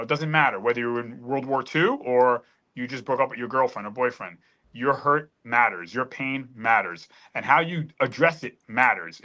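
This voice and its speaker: Choked-up man with a bright voice. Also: mid-range voice. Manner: earnest, choked up, emphatic. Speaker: panel guest. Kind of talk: emotional personal story.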